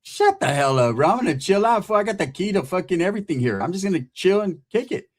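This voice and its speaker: A man's voice: high-pitched, very animated, fast. A man from California telling a rambling, profane street story in casual talk, acting out the other people in it.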